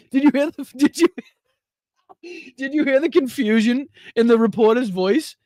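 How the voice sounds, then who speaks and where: Male stream host, high and dry, cursing, laughing, incredulous reaction commentary. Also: unhurried, warm tone, no room sound. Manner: profane, incredulous, laughs often.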